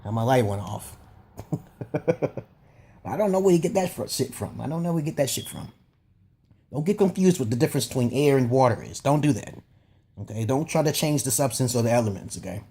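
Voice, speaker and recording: A man's voice: mid-range voice, sing-song, fairly quick, pauses often, mellow, slight background noise. A man giving a rambling, profane opinion monologue as a vlogger, emphatic and often checking "okay?" with his listeners. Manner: repeats and restarts phrases.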